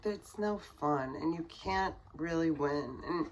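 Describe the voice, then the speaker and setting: A woman's voice: sits low, slow pace, low-quality recording. A woman casually telling a personal story to camera in a rambling way, full of fillers, her voice dropping to near whispers at tense moments. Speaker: vlogger.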